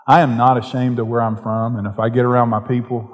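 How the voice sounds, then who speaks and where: A man from Western North Carolina with a softened Southern accent, preaching a sermon as pastor in a conversational way that builds to fervent emphasis. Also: medium pitch, little pitch movement, fast talker, big-room sound.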